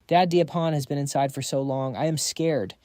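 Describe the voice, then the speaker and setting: A man's voice: a little high, steady tone, moderate pace, dark tone, no room sound, studio quality, close to an everyday voice. A man voicing a young rich daughter who is cute, pushy and teasing. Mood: pleading. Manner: pleading and teasing.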